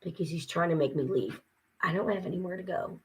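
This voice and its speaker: Exhausted and fed up, a woman vents in a casual vlog rant to camera, cursing along the way. She speaks briskly in a lowish, slightly rough voice.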